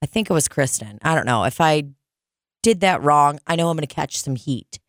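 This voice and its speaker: A woman's voice: brisk, no room sound, clean studio sound. A woman hosting a podcast, telling stories in casual chat with lots of swearing and acted-out voices. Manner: profane, animated, acts out customers in high squeaky voices. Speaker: podcast host.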